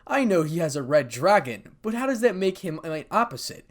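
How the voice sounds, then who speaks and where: A man voicing a calm, curious young male devil who speaks in a measured, dry way. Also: fairly high pitch, voice pushed up.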